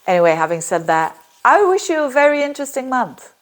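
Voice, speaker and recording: A woman from Belgium, an astrologer, giving a casual monthly horoscope talk in a chatty, digressive way with lively ups and downs. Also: high voice, brisk.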